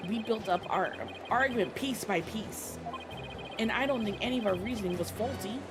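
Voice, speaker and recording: A woman's voice: medium pitch, normal speed, natural voice. A woman voicing a young male defense lawyer's solemn, dramatic inner narration, over game music. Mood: grim.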